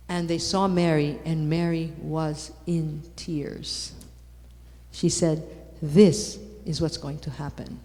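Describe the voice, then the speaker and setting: A woman giving a lively conference talk on faith, repeating words for emphasis and rising to loud exclamations. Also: low-pitched. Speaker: conference speaker. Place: large conference hall. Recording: long hall reverb.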